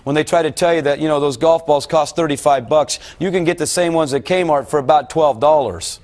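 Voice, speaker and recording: A middle-aged man preaching to a gathered audience, his voice sitting fairly high for a man. He tells his story in a folksy, rambling way and keeps turning to the listeners with questions. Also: brisk, a little mellow. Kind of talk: sermon recounting a dream.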